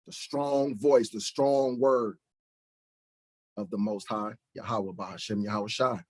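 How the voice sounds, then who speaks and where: A middle-aged man preaching a blunt, mocking sermon and reading scripture, with swings between soft asides and shouting. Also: on the low side, fairly even intonation, slow, dry recording.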